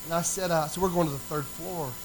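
A man's voice: on the high side, fairly even intonation, quick pace, noisy background. A middle-aged man, telling a story in a sermon and acting out the dialogue. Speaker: preacher.

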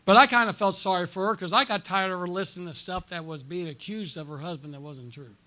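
A middle-aged male pastor preaching at a church conference, his voice very bright and sitting a touch high. He tells a personal story and keeps calling out questions to the congregation. He climbs to loud, excited peaks, then drops to quiet, low asides. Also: fast. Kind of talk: sermon.

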